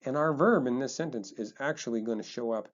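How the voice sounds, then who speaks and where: A man teaching a text lesson, chatty and relaxed, thinking aloud as he explains. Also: medium pitch, fairly quick, highs cut off.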